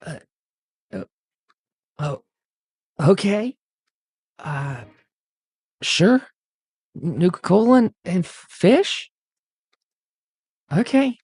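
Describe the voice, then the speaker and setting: Jumpy wasteland guy, voiced by a man: stammers and hesitates, gravelly edge, dry sound. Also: very high-pitched, very animated, very slow, a bit bright, no echo, pitched above the performer's own voice, exaggerated voice. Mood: startled. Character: nervous wasteland man, easily startled.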